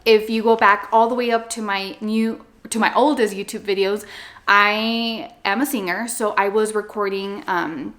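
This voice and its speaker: A young woman talking casually to the camera at home, chatty and animated, slipping Spanish words into her English. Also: medium pitch, normal speed. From Los Angeles, USA. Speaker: vlogger. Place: home with a Christmas tree.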